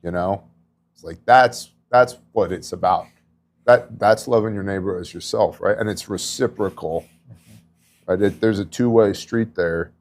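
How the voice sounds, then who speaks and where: Here a middle-aged man with a fairly low pitch speaks a little slowly. As a podcast host and disaster relief volunteer, he tells relief-work stories in a casual faith setting, earnest and conversational with many asides.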